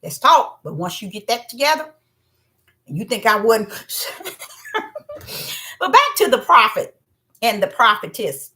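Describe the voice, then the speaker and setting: Animated woman preaching, big pitch swings. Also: normal speed. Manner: animated, acts out voices, swings between low murmurs and loud cries. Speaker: self-styled prophetess. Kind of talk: preaching monologue.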